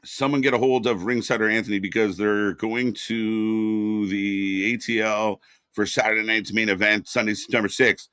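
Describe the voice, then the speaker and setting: A man co-hosting a live wrestling watch party, reacting and chatting casually, rambling with fillers and breaking into loud excited bursts. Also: lowish voice, normal speed, smooth, no echo, studio quality.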